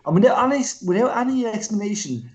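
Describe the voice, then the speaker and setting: Swearing man with a higher voice. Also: animated, quick pace, highs cut off, slight background noise. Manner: swears freely, quotes his own reactions. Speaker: podcast co-host. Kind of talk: casual film review chat.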